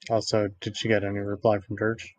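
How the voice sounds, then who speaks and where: A man playing a character in a tabletop game over voice chat, measured and a bit hesitant. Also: fairly low pitch, monotone, darkish tone, dry recording, muffled recording. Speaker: player.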